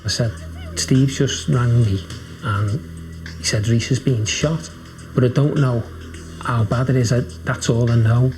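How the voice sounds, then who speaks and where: A man's voice: mid-range voice, steady tone, measured pace. A man, a football coach, anxiously recalling events in a documentary interview. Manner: urgent, anxious retelling. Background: music.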